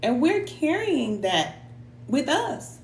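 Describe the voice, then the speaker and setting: A woman's voice: high-pitched, sing-song, slow pace, slight background noise. Heartfelt woman spiritual reader, echoey room. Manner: heartfelt, preacherly, slips into casual Black American slang; sometimes emotional and sighing. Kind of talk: live tarot reading and motivational talk.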